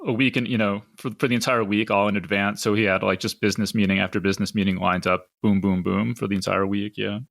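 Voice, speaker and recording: A man's voice: lowish voice, flat delivery, fast, creaky, hardly any pauses, fairly bright tone, no echo, studio quality. A man hosting a podcast, talking conversationally with frequent restarts. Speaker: podcast host. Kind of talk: casual discussion.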